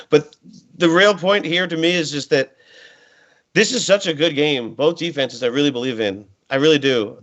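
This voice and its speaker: A man's voice: medium pitch, a bit bright. A man co-hosting a football show, analyzing casually in a rambling, joking way with lots of fillers. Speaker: podcast co-host. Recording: muffled lo-fi audio.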